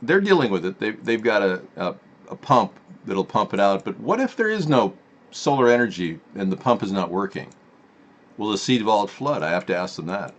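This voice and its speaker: A man's voice: lowish voice, sing-song, moderate pace. A man hosting a live-stream political talk show in a rambling, sarcastic manner. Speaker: host.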